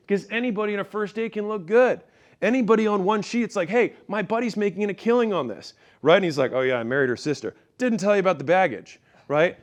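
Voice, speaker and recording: A man giving a motivational business talk in a punchy, storytelling way, speaking straight to his audience. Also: sits high.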